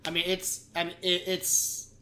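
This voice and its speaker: A man rambling through crude stories in a loose, laughing podcast chat. His voice is bright and a little edgy. A faint hiss sits under the recording. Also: high voice, monotone, unhurried. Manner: rambling, laughing, graphic storytelling. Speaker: podcast co-host.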